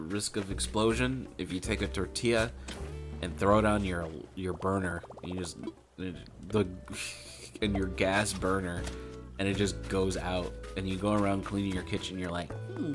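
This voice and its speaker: A man's voice: deep voice, flat delivery, moderate pace, over music. A man chatting casually while playing a game, rambling with self-mocking jokes and asides. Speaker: gaming streamer.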